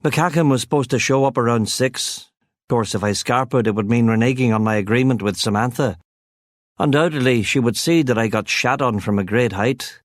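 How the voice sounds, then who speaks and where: A man's voice: medium pitch, brisk, no room sound. A man narrating a first-person crime novel as an audiobook, with a wry, sardonic delivery on a close studio mic.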